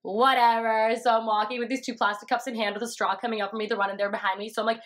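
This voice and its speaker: A young woman telling a story in a casual, profane way, full of fillers and animated quotes. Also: mid-range voice, very fast. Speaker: vlogger.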